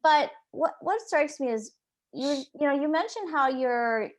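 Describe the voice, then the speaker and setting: A woman hosting a podcast, asking questions in an enthusiastic, halting way with many fillers. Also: high-pitched, lively intonation. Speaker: podcast host. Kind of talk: casual interview chat.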